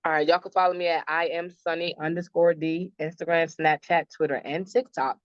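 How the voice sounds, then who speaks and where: A woman's voice: low voice, fairly even intonation, fairly quick, dry recording. A woman guest telling stories about her family in a casual podcast chat. She laughs often and acts out what others said. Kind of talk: casual storytelling interview. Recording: dull lo-fi dry sound.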